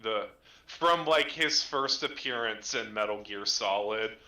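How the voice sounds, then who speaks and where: Very bright-voiced man in an echoey room. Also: fairly low pitch, a little slow. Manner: rambling, many fillers, excited. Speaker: co-host. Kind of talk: casual gaming chat.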